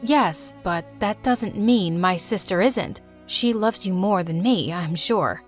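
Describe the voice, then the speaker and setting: A woman voicing a calm, regretful birth mother in an animated drama. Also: medium pitch, takes it slowly, faint music behind, close to an everyday voice. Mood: confessing.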